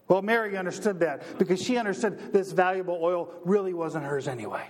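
A man's voice: fairly quick, hardly any pauses, long reverb tail. A man preaching a sermon, building intensity through repeated phrases and rhetorical questions. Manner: preaching with building repetition, rising in pitch and force. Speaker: pastor.

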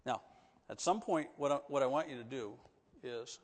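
A man preaching a sermon in a church, animated, swinging from loud emphatic lines to soft, coaxing asides. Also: medium pitch, normal speed. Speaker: pastor. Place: church sanctuary. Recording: long reverb of a church hall.

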